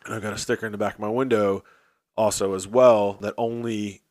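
Lively storytelling male podcast host. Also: on the low side, brisk, no room sound, studio quality. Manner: animated storyteller acting out quoted dialogue. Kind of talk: casual storytelling chat.

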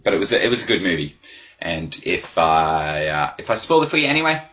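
A deep-voiced man hosts a casual solo podcast, hoarse and rambling with crude, self-deprecating humour. His tone is bright and forceful. The recording sounds dull and lo-fi. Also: big pitch swings, fairly quick. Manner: rambling, crude, self-mocking with frequent laughs. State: hoarse from yelling. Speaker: podcast host.

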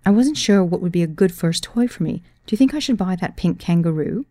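A woman voicing a shy, nervous newlywed woman who speaks in a hushed, hesitant way. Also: on the low side, expressive, fairly quick, no room sound, clean studio sound, lightly acted.

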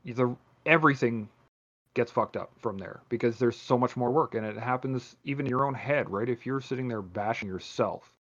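A man's voice: mid-range voice, moderate pace, dull audio. Profane rambling male podcast host. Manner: profane, rambling, animated storytelling. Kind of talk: casual chat.

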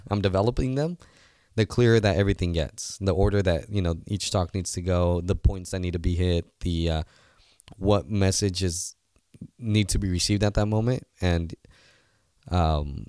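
A man's voice: deep voice, a little mellow, no echo. Earnest, rambling young man, dry sound. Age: 20s. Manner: earnest, rambling, with many fillers and restarts. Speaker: guest, seminar organizer. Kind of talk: casual interview talk.

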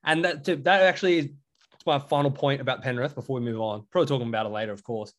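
A man's voice: mid-range voice, rapid-fire. A young Australian man co-hosting a podcast in casual chat, rambling with lots of fillers. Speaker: podcast co-host.

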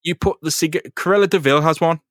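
A man co-hosting a podcast, retelling a comic book story in an animated, casual way with frequent swearing. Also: on the high side, brisk, dry recording, clean studio sound. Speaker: podcast co-host.

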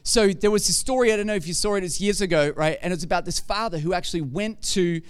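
A man preaching a conversational sermon who keeps asking rhetorical questions and builds to forceful emphasis. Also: high-pitched, quick pace, clean tone.

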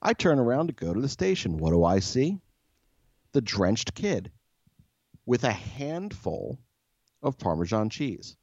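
A man's voice: mid-range voice, sing-song, unhurried, pauses often, darkish tone, husky, no room sound, dull audio. A man co-hosting a podcast, telling a story in a profane, exasperated rant. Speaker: podcast co-host. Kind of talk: casual storytelling.

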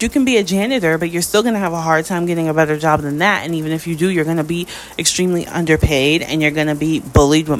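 American woman ranting about her views, lowish voice, faint hiss behind. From United States. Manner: emphatic, pitch swings up on key points. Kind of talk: opinion monologue.

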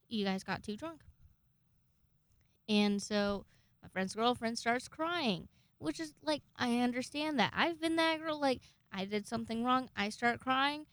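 A woman's voice: on the high side, no echo. A young woman in her twenties, telling a story in a casual vlog, chatty, swearing a lot and restarting her sentences.

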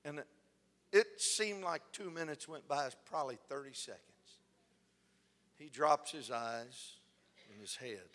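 A man preaching a sermon, telling a story with lively delivery and acting out the lines of the people in it. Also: mid-range voice, a little slow, long pauses. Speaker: pastor. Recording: long hall reverb.

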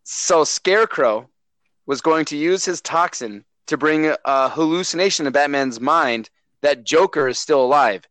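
A man co-hosting a podcast, ranting about a movie with swearing and loud indignant bursts, right up on the mic. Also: on the high side, unhurried, no echo, rough recording. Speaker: podcast co-host. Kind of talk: casual podcast rant. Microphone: close mic, speaking too loud into it.

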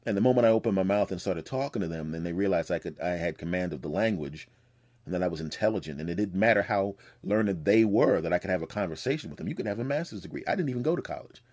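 A man's voice: deep voice, expressive, fast, darkish tone. A man hosting his own podcast, telling a personal story in a rambling, joking way, swearing freely and acting out what people said. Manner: rambling storytelling, acts out quotes, profane and joking. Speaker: podcast host. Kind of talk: casual monologue.

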